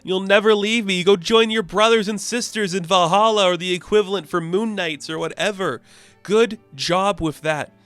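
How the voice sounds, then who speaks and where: A man's voice: high voice, moderate pace, fairly bright tone, dry recording, soft background music, pitched above the performer's own voice. A man voicing a smug ancient male moon god who taunts and claims possession. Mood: taunting.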